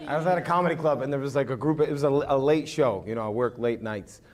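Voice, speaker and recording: A man's voice: mid-range voice, fast. A man doing a stand-up set in a small comedy club on a handheld mic, brash and profane, teasing the audience. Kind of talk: stand-up set with crowd work. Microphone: handheld microphone. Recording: noisy live club with loud crowd. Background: audience laughter.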